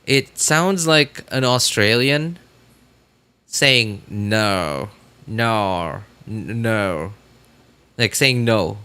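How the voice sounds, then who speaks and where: Bright-voiced man chatting on a stream. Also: mid-range voice. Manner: rambling, self-correcting, many fillers and restarts. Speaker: game streamer. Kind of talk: casual live-stream chat.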